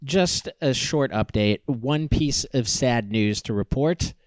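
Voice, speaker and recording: A man's voice: medium pitch, slow, dry recording. A man co-hosting a news podcast, giving wry remarks and updates with dry jokes and frequent fillers. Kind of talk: casual political commentary.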